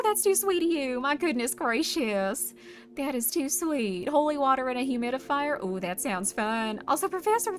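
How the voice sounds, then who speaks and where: A woman with a fairly high voice chats casually on a livestream, wandering from thought to thought in a playful, self-deprecating way. Music plays clearly underneath her voice. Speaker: streamer. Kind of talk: casual livestream chat, reading chat messages. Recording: stream mix with music playing under the voice. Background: background music.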